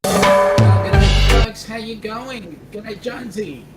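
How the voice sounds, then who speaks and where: A man's voice: high-pitched, sing-song, slow, music in the background, low-quality recording. A man with an Australian accent, co-hosting a casual livestream and reading out viewer comments with jokes. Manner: reads out viewer chat comments, joking. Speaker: co-host.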